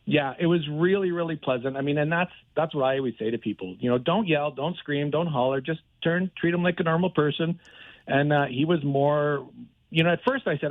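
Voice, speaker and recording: A man in his forties, a caller from Canada, telling a lively, self-deprecating story on a phone-in show. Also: fairly high pitch, brisk, no echo. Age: 40s. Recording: tinny phone line, dry.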